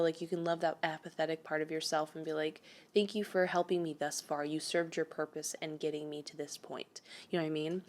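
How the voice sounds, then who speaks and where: A young woman giving a pick-a-card tarot reading in a chatty, emphatic way with lots of fillers. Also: lowish voice. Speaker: tarot reader.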